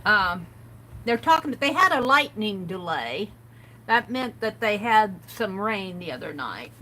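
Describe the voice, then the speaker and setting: A woman's voice: mid-range voice, sing-song, measured pace, sharp tone, a little hiss or hum, low-quality recording. A woman hosting a casual art livestream, chatting and reading quotes aloud with amused comments. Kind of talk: casual craft livestream chat.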